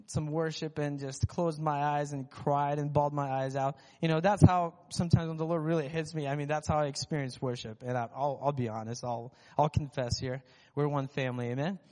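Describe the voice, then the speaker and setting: His voice is a little high and a little mellow, trailing a long reverb tail. The man, a worship leader recovering from a lost voice, gives his church a candid, self-deprecating testimony in the sanctuary.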